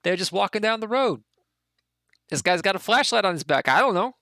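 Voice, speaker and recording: A man putting on a high, eager goblin. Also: big pitch swings, fairly quick, pushed and bright, dry recording, studio quality, heavily acted. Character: goblin, excited and rambling, male.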